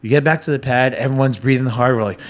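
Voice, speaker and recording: A man telling stories in a casual podcast chat, animated and swearing freely as he acts out what people said. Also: medium pitch, fast talker. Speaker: podcast guest.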